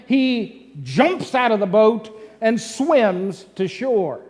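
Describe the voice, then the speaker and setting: Brief: male pastor, unhurried storytelling sermon, asks the congregation questions. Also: sits high, expressive, darkish tone. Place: church sanctuary. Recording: long church-hall reverb.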